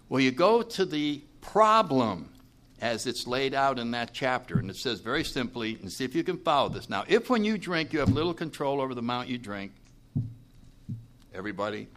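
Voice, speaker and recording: A man speaking live to a recovery meeting audience, plainspoken and animated, often checking that listeners follow him. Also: medium pitch. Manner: animated, acts out what people say.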